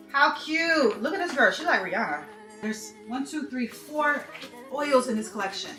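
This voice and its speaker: A young woman, gushing to her viewers while unboxing in a casual vlog. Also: fairly high pitch. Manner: gushing, exclaims often, talks straight to viewers. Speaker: beauty vlogger. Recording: echoey room, faint music.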